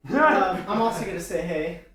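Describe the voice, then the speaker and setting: A woman performing comedic improv, describing her own scene moves in a deadpan way. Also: on the low side, normal speed, over a noisy crowd. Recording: echoey room from far off.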